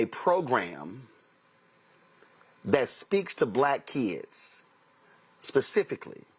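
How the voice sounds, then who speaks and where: A man hosting a talk show, telling a story in a preachy way and acting out the conversations he quotes. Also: mid-range voice. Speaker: host.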